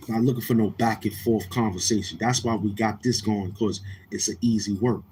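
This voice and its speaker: Brief: male livestream host, New York accent, lowish voice, blunt, profane, in-your-face. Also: steady tone, moderate pace, a little mellow, a little hiss or hum. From Queens, New York. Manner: brash, profane, confrontational. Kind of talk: casual livestream chat with viewers.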